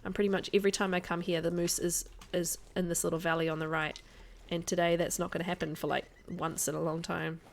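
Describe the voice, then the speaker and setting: This streamer speaks fast in a low, level voice with vocal fry and few pauses. She chats casually with her audience during gameplay, replying to comments and laughing frequently.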